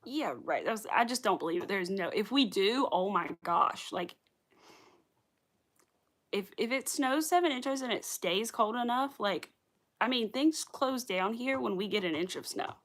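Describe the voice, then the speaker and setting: A woman's voice: mid-range voice, lively intonation, normal speed, fairly bright tone. A young woman from the Southern US with a light Southern accent, hosting a crochet livestream and chatting casually with viewers, rambling and laughing often. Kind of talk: casual chat with live viewers.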